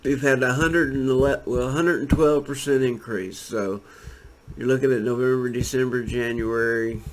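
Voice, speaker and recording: A man with a voice of ordinary middle pitch talks through price charts in a loose, offhand way. He rambles, restarts and leans on fillers as he goes. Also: a little hiss or hum. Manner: rambling, laid-back, many fillers. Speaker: crypto trading commentator. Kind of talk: casual screen-share commentary.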